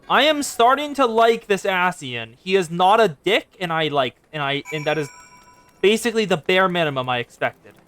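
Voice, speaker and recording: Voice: medium pitch, animated, normal speed, fairly bright tone, soft background music. A game streamer giving casual, rambling live commentary, talking to chat while playing. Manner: chatty, rambling, addresses chat.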